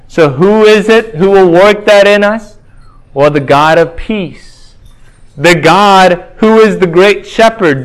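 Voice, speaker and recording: Man, high voice, sermon, asks and answers his own questions, reads verses slowly. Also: low-quality recording. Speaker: preacher.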